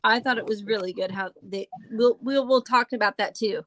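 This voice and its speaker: A woman hosting a casual true-crime chat, halting with fillers and restarts and dropping sarcastic asides. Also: medium pitch, a bit bright, no echo, poor audio. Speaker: host.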